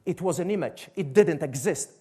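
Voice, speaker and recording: A man's voice: fairly high pitch, expressive, moderate pace, mellow, husky. A male motivational coach with a Polish accent speaks to an audience from a stage. He leans on rhetorical questions and repeats his key phrases to drive each point home. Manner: emphatic, rhetorical questions and repetition. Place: stage before a seated audience.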